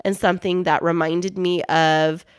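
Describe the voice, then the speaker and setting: A woman's voice: lowish voice, little pitch movement, moderate pace, clear, resonant tone, no echo, studio quality. A woman co-hosting a podcast, telling stories casually and laughing often. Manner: warm storytelling, laughs often. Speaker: podcast co-host. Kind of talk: casual chat.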